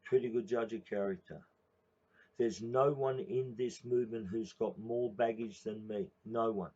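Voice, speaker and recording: A man's voice: lowish voice, fairly even intonation, normal speed, dark tone, lo-fi sound. An Australian man from Queensland giving a blunt, profane, confrontational address to his viewers. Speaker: protest movement speaker.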